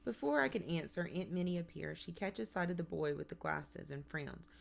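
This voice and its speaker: A woman reading a first-person children's novel aloud in a measured, plain storytelling manner. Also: lowish voice, animated, creaky, slight background noise. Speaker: audiobook narrator. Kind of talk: first-person audiobook narration.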